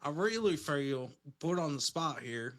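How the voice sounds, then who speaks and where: A man's voice: fairly high pitch, expressive, unhurried. A man doing a hesitant TV psychologist. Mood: awkward. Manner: hesitant, put on the spot. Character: folksy TV talk-show psychologist man.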